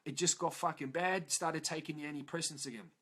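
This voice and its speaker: A man's voice: a little high, fairly even intonation, fast talker, fairly bright tone. A man, a motivational speaker, telling a blunt and profane personal story to an audience.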